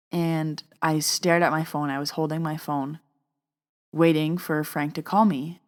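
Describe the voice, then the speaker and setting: A young adult woman with a somewhat low voice tells a personal story as the host of a podcast. She is animated and acts out the other people in the story as she goes.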